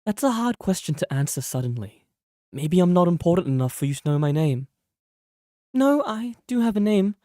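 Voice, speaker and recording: A man's voice: high-pitched, big pitch swings, normal speed, dark tone, no room sound, clean studio sound, pitched above the performer's own voice. A man putting on a shy, earnest young woman's voice with a put-on British accent while reading game dialogue aloud. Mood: earnest, polite. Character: shy polite young woman, a kind junior.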